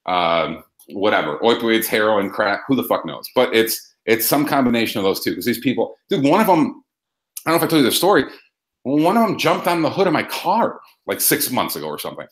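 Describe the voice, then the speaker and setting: A man's voice: medium pitch, big pitch swings, fairly quick. A young adult man hosting a casual radio talk show, cursing freely and rambling through his stories. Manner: profane, rambling. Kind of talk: casual chat. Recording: echoey room.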